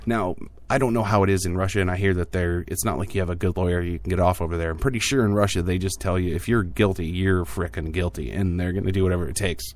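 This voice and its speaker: Casual podcast host, male, deep voice, jokey offhand delivery. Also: steady tone, fast talker, hardly any pauses. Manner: jokey, offhand asides with frequent fillers. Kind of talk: casual tech news podcast.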